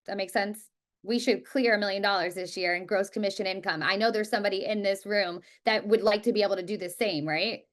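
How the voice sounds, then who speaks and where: Fast, emphatic woman trainer. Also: medium pitch. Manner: energetic, emphatic, repeats words for stress; talks quickly. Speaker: real estate trainer. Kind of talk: live class presentation.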